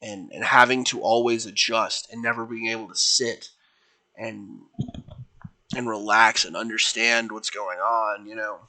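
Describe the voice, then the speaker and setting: Tired sad woman leader, guy reading her in his own voice, quiet and halting, bright tone. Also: fairly low pitch, steady tone, exaggerated voice, rough recording. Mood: weary. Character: weary female team leader, grieving and bitter.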